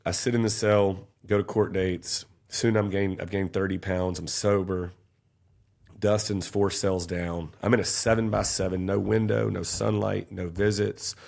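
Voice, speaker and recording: A man's voice: low voice, little pitch movement, a little slow, gravelly, a little mellow. A man, telling an intense, emotional personal story as a podcast guest. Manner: intense, emotional storytelling, raising his voice at peaks.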